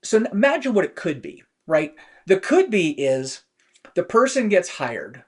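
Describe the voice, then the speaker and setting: A man's voice: high voice, big pitch swings, measured pace. A man hosting a short weekly business show, talking casually and telling stories with plenty of fillers. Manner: conversational storytelling with many fillers. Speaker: host.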